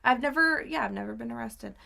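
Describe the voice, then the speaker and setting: A woman's voice: on the high side, fast talker, gravelly. A woman in her thirties co-hosting a podcast, telling a story in casual chat and acting out the voices of the people in it. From Georgia. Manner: animated storyteller, acts out quoted voices. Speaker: podcast co-host.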